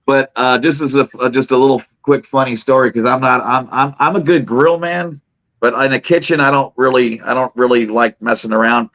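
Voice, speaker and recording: Middle-aged male co-host, rambling storyteller full of restarts, medium pitch, muffled lo-fi mic. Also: steady tone, moderate pace, a bit bright. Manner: rambling, laughing, many restarts and fillers. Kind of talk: casual chat, storytelling. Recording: dull lo-fi remote audio.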